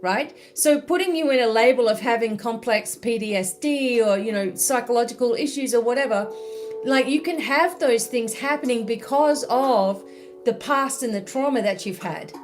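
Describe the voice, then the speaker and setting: A woman's voice: a little high, moderate pace, soft background music. An Australian woman speaking as a spiritual mentor in a live-stream monologue, chatty and full of "you know" and "right?".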